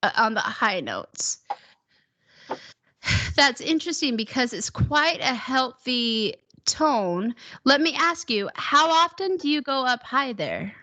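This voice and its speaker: A woman teaching a one-on-one singing lesson, encouraging her student and demonstrating high whoops. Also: sing-song, slow pace, bright, forceful tone.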